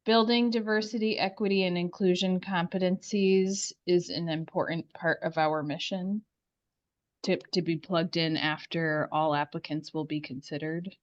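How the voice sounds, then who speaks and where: A woman's voice: on the low side, steady tone, moderate pace. A woman on a video call in a remote town meeting, explaining things at length with many fillers. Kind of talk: remote public meeting discussion. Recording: muffled video-call audio.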